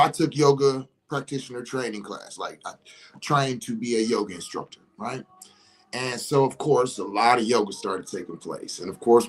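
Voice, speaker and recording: A man holding forth in an impassioned monologue, swearing freely and leaning hard on his words. He shifts between calm explaining and loud, heated shouting. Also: mid-range voice. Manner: profane, emphatic, rising to shouts. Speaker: monologue speaker.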